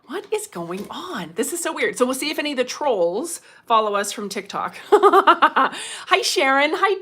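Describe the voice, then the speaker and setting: A middle-aged woman, hosting a casual livestream as a medium, chatty and quick to laugh, greeting viewers by name. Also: sits high, bright, forceful tone.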